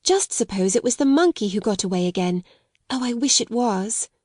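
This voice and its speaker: A woman reading an audiobook, voicing an earnest, gentle and polite young girl who speaks eagerly and tenderly. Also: on the high side, animated, normal speed, dry recording, studio quality. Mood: hushed.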